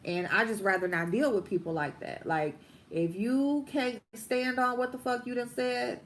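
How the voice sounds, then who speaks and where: A woman's voice: fairly high pitch, steady tone, moderate pace, a little hiss or hum. A woman hosting a casual livestream, ranting bluntly and profanely, stretching out her emphatic lines while she does her makeup. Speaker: vlogger host.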